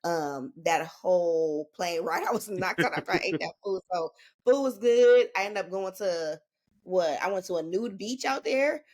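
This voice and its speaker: Female podcast guest, slightly low pitch, relaxed slangy delivery. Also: moderate pace. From Northern California. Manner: laid-back, slangy, rambling with fillers. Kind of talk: casual chat.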